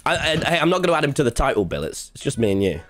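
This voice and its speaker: A man's voice: mid-range voice, sing-song, rapid-fire. A man streaming live, chatting casually and teasing his guest in a joking way. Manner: joking and teasing, breaks into song. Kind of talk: casual livestream chat. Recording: loud music behind. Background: loud music.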